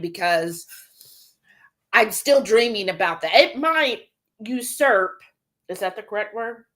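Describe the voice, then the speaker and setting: A woman's voice: mid-range voice, lively intonation, slow pace, fairly bright tone, a little hiss or hum. A woman co-hosting a live cooking stream, chatting casually and reading out viewer comments. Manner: chatty and laughing, lots of "like" and "y'all".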